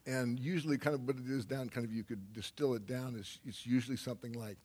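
An older man telling a personal story on stage in a rambling way, laughing often and breaking into sudden loud bursts. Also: mid-range voice, fairly even intonation, quick pace, hardly any pauses, a little hiss or hum. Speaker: speaker on stage. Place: stage before an audience.

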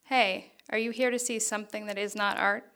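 A woman reading aloud the lines of a quiet, friendly young male photographer from her fiction. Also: mid-range voice, fairly even intonation, normal speed, smooth. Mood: quietly friendly.

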